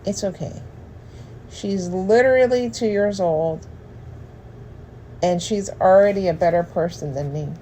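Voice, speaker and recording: A woman's voice: mid-range voice, measured pace, dark tone, a little hiss or hum. A woman podcast host talking earnestly and affectionately, as if in a voice message to her partner, with some rambling asides.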